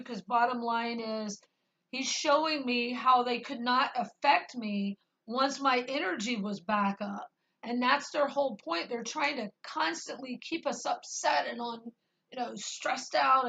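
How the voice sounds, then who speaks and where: A woman's voice: high-pitched, sharp tone, low-quality recording. A woman talking to her camera and sharing her spiritual experiences in an earnest, rambling way, with many fillers. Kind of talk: casual spoken testimony.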